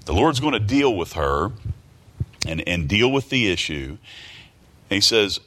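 A man's voice: fairly low pitch, big pitch swings, unhurried, a bit bright, a little hiss or hum. A man preaching a sermon who reads scripture aloud, repeats his phrases and keeps asking rhetorical questions. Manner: reads scripture aloud in King James wording.

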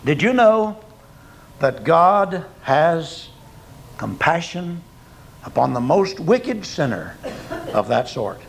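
Folksy, gravelly older preacher. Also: male voice, sing-song, slow pace, long pauses, low-quality recording. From Oklahoma. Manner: folksy storytelling, swinging from loud emphatic peaks to quiet low drops. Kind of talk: sermon.

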